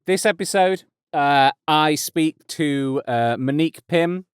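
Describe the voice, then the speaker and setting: Male metal podcast host in his 30s, smooth clear voice, rambly and self-deprecating. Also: a little high, slow pace, no echo, studio quality. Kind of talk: casual podcast intro. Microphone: close studio mic.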